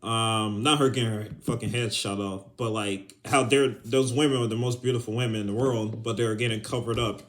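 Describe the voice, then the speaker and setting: A man's voice: fairly low pitch, steady tone, a little fast, few pauses. A young adult man hosting a podcast, ranting casually with heavy swearing and bursts of laughter. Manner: profane, heated, breaks into laughter. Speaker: podcast host.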